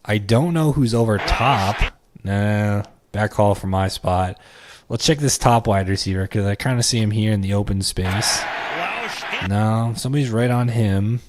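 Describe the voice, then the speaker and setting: A man hosting a live stream, chatting excitedly and thinking aloud as he watches a football game. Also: on the low side, measured pace. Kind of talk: casual watch-along commentary. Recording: clear noise with clicks.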